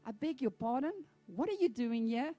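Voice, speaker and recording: Woman voicing a loud indignant king lion. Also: fairly high pitch, lively intonation, moderate pace, soft background music. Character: big male lion, king of the jungle.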